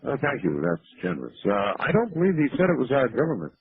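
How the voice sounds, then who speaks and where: Brief: gravelly male talk radio host, lively and teasing, thin broadcast sound. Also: medium pitch, narrow, tinny audio. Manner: dry, teasing, unhurried. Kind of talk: late-night call-in radio.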